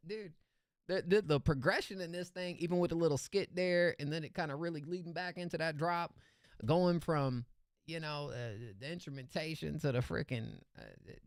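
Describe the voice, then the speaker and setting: A young man hosting a live-stream song review, excitable and slangy, laughing often as he reacts. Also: on the high side, no room sound, clean studio sound.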